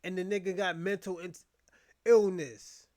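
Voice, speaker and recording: Guy from boston ranting, pretty high voice, blunt and cussing a lot, keeps repeating himself. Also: level tone, measured pace, darkish tone. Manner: heated, blunt, profane and repetitive. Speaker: commentary host. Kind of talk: casual rant commentary.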